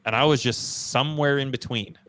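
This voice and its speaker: A man's voice: mid-range voice, fairly even intonation, fairly quick, a bit bright, smooth, dry recording. A man hosting a casual podcast, telling his own story in a slangy, self-deprecating, emphatic way. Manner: slangy, storytelling, frequent "bro" and "dude". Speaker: podcast host.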